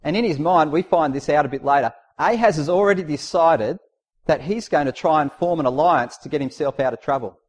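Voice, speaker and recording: A man's voice: a little high, fairly quick. A man preaching a sermon in a conversational, emphatic way, posing rhetorical questions and reading out scripture.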